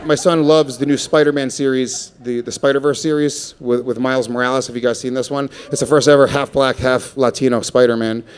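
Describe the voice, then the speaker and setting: A man in his thirties performing a stand-up comedy set on stage, crude and profane, rambling with quick asides. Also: medium pitch, fairly even intonation, smooth.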